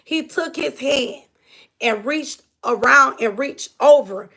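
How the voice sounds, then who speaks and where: Woman livestreamer, high voice, rambling storyteller who keeps talking straight to her viewers. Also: takes it slowly, gravelly, fairly bright tone. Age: adult. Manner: rambling, repeats phrases, often addresses listeners directly. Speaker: livestreamer reading viewer comments.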